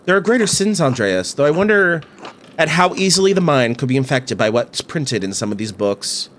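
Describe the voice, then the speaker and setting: A man's voice: a little high, sing-song, moderate pace, fairly bright tone, a little hiss or hum. A man reading a stern priest confessor. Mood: grave. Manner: grave, admonishing. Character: stern, pious male priest hearing confession. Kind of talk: reading game dialogue aloud.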